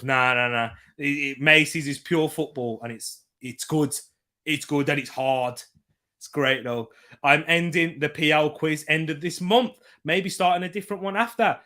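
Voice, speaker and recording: A young man hosting a live football watchalong, jumping between excited match calls and quieter chatter with viewers. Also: fairly high pitch. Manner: excitable, switches between loud hype and quiet chat reading. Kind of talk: live match commentary and chat reading.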